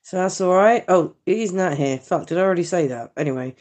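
A woman's voice: lowish voice, fairly quick, a little mellow. A British woman leaving a chatty voice message, rambling and swearing and laughing at her own slips. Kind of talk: casual voice note.

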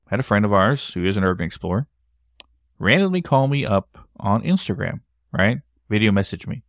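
A man's voice: on the low side, a little fast, no echo, studio quality. A man paranormal investigator telling a story in casual podcast chat, acting out quotes. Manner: animated storyteller, acts out quotes.

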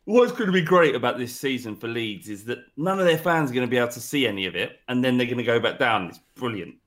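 A man's voice: medium pitch, animated, fast talker, a bit bright. A man co-hosting a football podcast, joking and swearing in casual banter. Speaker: podcast co-host. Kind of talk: casual chat.

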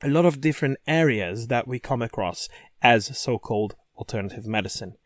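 Male podcast co-host, mid pitch, keen and talky, repeats words as he starts sentences. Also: expressive, fairly quick, dry recording, clean studio sound. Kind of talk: casual podcast chat.

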